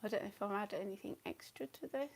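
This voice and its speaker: A woman chatting casually on a live stream while she paints, scattered and quick to laugh, muttering asides to herself. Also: mid-range voice. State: a bit out of breath.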